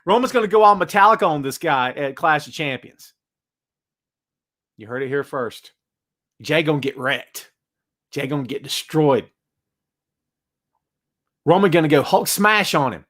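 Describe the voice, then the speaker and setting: A man hosting a wrestling chat show, talking casually in an animated, ranting way and laughing often. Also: on the high side, moderate pace, long pauses. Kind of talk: casual live-chat rant.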